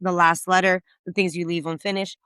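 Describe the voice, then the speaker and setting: A woman's voice: lowish voice, fairly quick, clean tone, no echo. A woman co-hosting a book podcast, chatting casually and telling stories with lots of swearing and big swings in energy. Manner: animated, swearing, storytelling. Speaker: podcast co-host. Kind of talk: casual chat.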